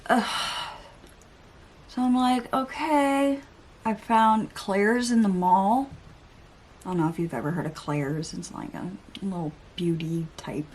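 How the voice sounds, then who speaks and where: A woman's voice: lowish voice, steady tone, a little slow, darkish tone, a little hiss or hum. A young adult woman vlogger telling a story in casual chitchat while getting ready, with exasperated asides and mild swearing. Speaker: beauty vlogger.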